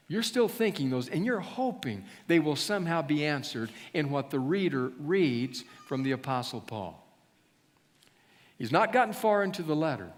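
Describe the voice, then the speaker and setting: A male pastor with a fairly high voice preaches a storytelling sermon to his congregation. He speaks to them directly and slows down on key words, and his voice carries with a long reverb through a church sanctuary. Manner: storytelling, addresses listeners as you, slows for emphasis.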